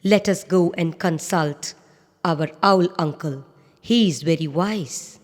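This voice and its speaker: A woman voicing a calm father crow who comforts his mate in a soft, low voice. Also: slow pace. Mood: soothing. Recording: echoey reverb.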